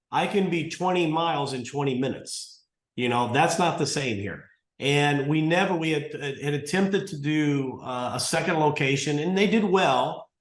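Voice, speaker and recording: A man in his sixties talks through a long story in a casual interview, wandering and restarting as he goes. He acts out both sides of past conversations, and a roomy echo hangs around his voice. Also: a little high. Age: 60s. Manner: rambling, restarts often, acts out dialogue. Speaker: martial arts school owner, guest.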